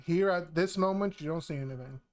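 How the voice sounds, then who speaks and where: A man running a tabletop game as game master, describing the scene with frequent fillers and pauses. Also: on the high side. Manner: relaxed, hesitant, many fillers.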